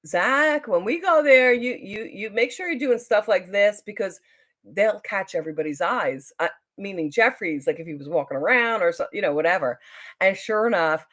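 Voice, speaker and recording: A woman's voice: fairly low pitch, fairly bright tone. A middle-aged woman telling a long story on her live stream, rambling and chatty, with lots of fillers and restarts. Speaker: YouTuber hosting a live stream.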